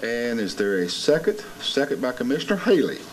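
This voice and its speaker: A man's voice: mid-range voice, sing-song, fairly quick, slight background noise, poor audio. Man chairing a county meeting. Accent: Southern American. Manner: formal, procedural vote calls. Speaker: commission chairman. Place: county commission meeting room.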